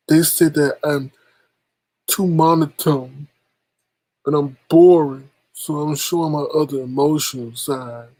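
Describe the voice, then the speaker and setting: Husky guy on a vlog, kinda high voice, whiny and teary, keeps repeating himself, dry close mic. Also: a little mellow, no echo, rough recording. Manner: plaintive, repetitive, mock-tearful. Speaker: YouTube vlogger. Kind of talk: emotional livestream monologue.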